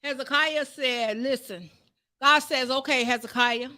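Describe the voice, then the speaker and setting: Woman preacher, sermon, very high voice, fervent shouted praise, repetitive. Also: unhurried.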